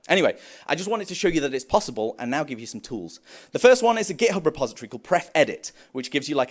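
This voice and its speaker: A young man giving a live conference talk on developer tools, joking and acting out playful back-and-forth dialogue. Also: mid-range voice. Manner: animated, jokey, acts out playful dialogue. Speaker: conference speaker.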